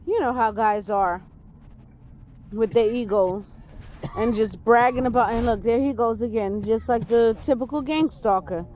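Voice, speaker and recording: A woman's voice: fairly high pitch, a little slow, warm tone, a little hiss or hum. Emphatic New woman rambling on. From New York. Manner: emphatic and rambling, with repeated rhetorical questions. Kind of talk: casual spoken monologue.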